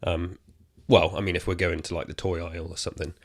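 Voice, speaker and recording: A British man in his thirties hosting a casual solo gaming podcast from a quiet room at home, rambling and slightly out of breath. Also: low-pitched, little pitch movement, quick pace, no echo, clean studio sound. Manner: rambling, chatty, self-correcting asides. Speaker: podcast host.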